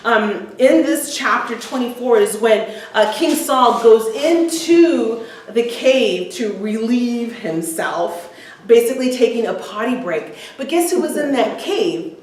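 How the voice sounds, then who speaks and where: A woman's voice: a little high, a little hiss or hum. A woman teaching a women's Bible study, retelling scripture in casual everyday words with frequent ums. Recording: echoey room, voice from far off the mic.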